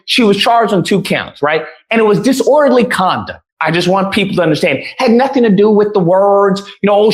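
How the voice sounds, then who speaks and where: A man rants with force and swinging pitch, his voice leaping up and down as he drives each point. He keeps slipping into mocking quoted voices to parody the people he argues against. It plays like a clip from an online commentary video. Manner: animated, mocks opponents in put-on quoting voices. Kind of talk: heated opinion rant.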